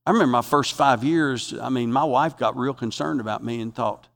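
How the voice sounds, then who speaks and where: A man's voice: medium pitch, normal speed, vocal fry, in a large hall. Emphatic male pastor preaching a sermon. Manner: emphatic, swinging from loud exhortation to quiet reflection; repeats phrases for emphasis.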